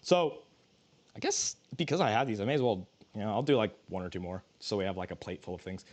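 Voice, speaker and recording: A man's voice: lowish voice, expressive, fast, a little mellow. A man streaming while he cooks, chatting casually in a joking, rambling way with many restarts. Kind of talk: casual livestream cooking chat.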